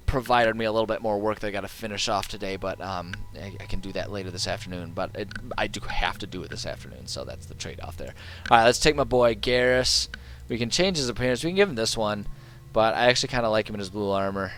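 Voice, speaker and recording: Low-voiced man heckling a game. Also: fairly bright tone. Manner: sarcastic, heckles game characters. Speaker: game streamer. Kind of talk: casual gameplay commentary. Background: faint game music.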